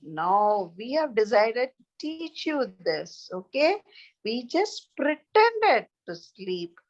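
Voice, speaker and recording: Woman doing a clever young princess, patient, explaining, slow, dull lo-fi. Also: fairly high pitch, very animated, exaggerated voice. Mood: coaxing. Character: clever young princess lecturing her father. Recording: dull lo-fi recording.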